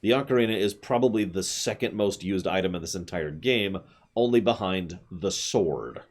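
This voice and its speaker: A man's voice: deep voice, moderate pace. A man giving casual, chatty commentary while streaming a video game, with opinionated asides.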